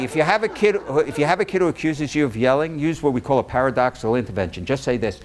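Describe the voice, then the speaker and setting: Male speaker at a live audience talk; animated storyteller who acts out the dialogue and drops jokes; mid-range pitch. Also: fast talker, few pauses. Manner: lively storytelling, acts out quoted dialogue, joking asides. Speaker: psychologist giving a public talk.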